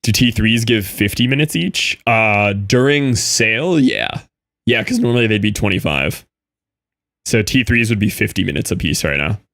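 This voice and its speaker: A man livestreaming and chatting with viewers, excitable and laughing often, with quick asides to chat. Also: on the low side, gravelly. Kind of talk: live stream chatter reading chat.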